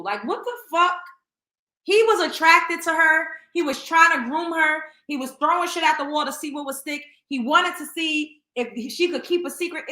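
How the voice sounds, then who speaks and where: A woman host reads text messages aloud and reacts in a blunt, profane, exasperated way. Her voice is bright and pitched a little high, and it rings in an echoey room. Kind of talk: commentary reading text messages.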